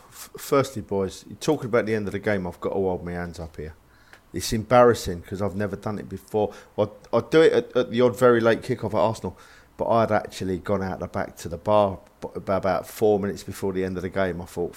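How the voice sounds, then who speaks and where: A man's voice: sits low, brisk, darkish tone. A man, co-hosting a casual podcast chat, blunt and swearing as he works himself up into angry rants. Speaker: podcast co-host.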